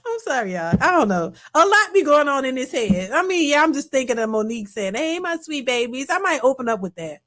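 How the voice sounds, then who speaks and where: Rambling woman on a livestream, kinda high voice, chatting to y'all. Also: sing-song, moderate pace, a bit bright, soft background music. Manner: rambling, talks to viewers as y'all, reads super chats. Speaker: reaction channel host. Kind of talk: casual livestream chat.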